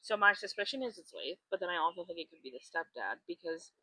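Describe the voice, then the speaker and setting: A bright-voiced woman chats casually on a podcast, retelling a story and slipping into the characters' lines. The recording is dry and close. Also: on the low side, quick pace, breathy edge, dry recording, poor audio. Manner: animated storyteller, acts out quotes, swears freely. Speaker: podcast co-host. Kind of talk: casual chat retelling a book plot.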